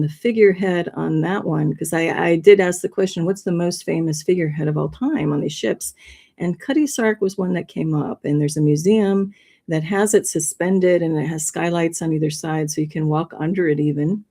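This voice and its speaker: A woman with a warm, fairly low voice hosts a livestream in a casual presentation. She's chatty and rambles a bit, laughing often.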